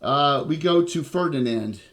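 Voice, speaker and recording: A man's voice: a little high, animated, a little slow, a bit bright. A man with a South Jersey accent, narrating a tabletop game as game master in a loose, chatty way with many fillers.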